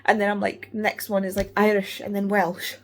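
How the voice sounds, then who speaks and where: A woman's voice: mid-range voice, monotone, normal speed. A Scottish woman vlogging in a loose, rambling way, full of fillers and restarts. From Scotland. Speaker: book vlogger. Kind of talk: casual chat.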